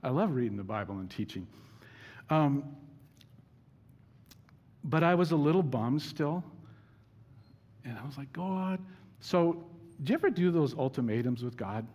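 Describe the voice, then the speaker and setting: A man's voice: mid-range voice, lively intonation, moderate pace, pauses often, a little mellow, muffled recording. Casual storytelling male preacher in a hall. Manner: casual storytelling, self-deprecating humor. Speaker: pastor. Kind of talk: sermon. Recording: reverberant hall.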